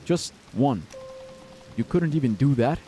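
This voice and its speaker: A man's voice: mid-range voice, animated, measured pace, mellow, a little hiss or hum, close to an everyday voice. A man voicing a cold, cruel mother who speaks with icy distance and harsh contempt. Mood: furious. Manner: icy and distant, building to screaming. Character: cold, cruel, raging mother, middle-aged woman.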